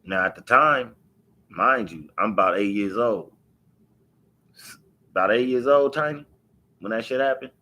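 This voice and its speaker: A man tells his life story to camera. His voice sits a little low but sounds bright and forceful. He hammers points home by repeating them and swears freely. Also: unhurried, pauses often. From Los Angeles. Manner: emphatic, repeats key phrases, profane street talk. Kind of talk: unscripted personal storytelling.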